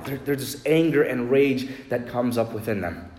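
Earnest preaching man in an echoey church. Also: medium pitch. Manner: earnest preaching, slowing and softening for emphasis. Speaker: pastor. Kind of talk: sermon.

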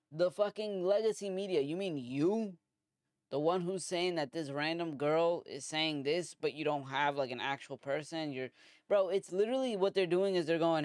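An American man hosts a podcast, casually ranting with lots of swearing and filler words. His voice sits on the high side with a darkish tone, recorded dry in a clean studio.

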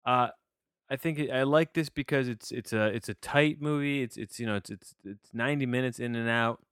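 A man's voice: mid-range voice, a little fast, fairly bright tone, clear, resonant tone, no room sound, clean studio sound. A man hosting a casual movie review podcast, talking in a loose, rambling way with many fillers and restarts. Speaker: podcast host.

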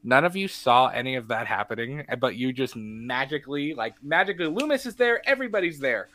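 A man's voice: medium pitch, brisk. A man co-hosting a movie podcast, casually recapping a film scene by scene and acting out characters' lines as he goes. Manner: animated storyteller acting out scenes. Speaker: podcast co-host.

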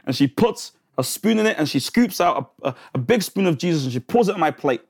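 A man's voice: fairly high pitch, fairly quick, slightly rough. A man preaching a sermon, telling a childhood story with lots of restarts and acting out the voices of the people in it. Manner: animated storytelling, acts out voices, frequent restarts.

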